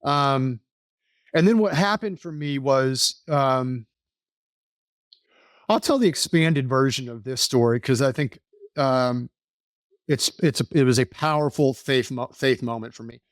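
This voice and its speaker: A man's voice: mid-range voice, a little slow, pauses often, no echo, studio quality. A man from Texas, a podcast guest, telling a personal story in an earnest, rambling way, often restarting sentences. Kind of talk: casual storytelling interview.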